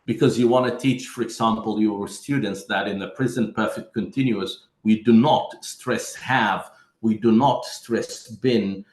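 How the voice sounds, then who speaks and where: A man's voice: lowish voice, steady tone, a little slow, a little mellow, echoey room. A man giving a lesson to teachers, explaining step by step and calling his listeners "my friends". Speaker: teacher trainer.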